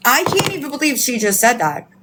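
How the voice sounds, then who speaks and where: A woman's voice: high-pitched, very animated, fairly quick, noisy background. A woman hosting a live stream, ranting in outrage and disbelief, swearing often and repeating herself while she answers her chat. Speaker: livestream host. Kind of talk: heated live-stream commentary.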